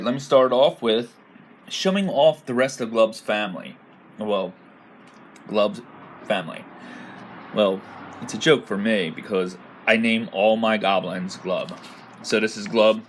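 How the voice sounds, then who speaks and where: A man's voice: lowish voice, a little hiss or hum. A man casually explaining a tabletop game character build, rambling with many fillers. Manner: loose and rambling, with frequent fillers. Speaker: video creator.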